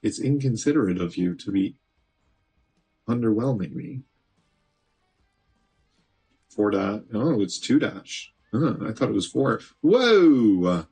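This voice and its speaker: A man's voice: lowish voice, a little slow, vocal fry, long pauses, mellow, soft background music. A man streaming gameplay, chatting casually and talking back to the game, with an occasional swear. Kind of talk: live gameplay commentary.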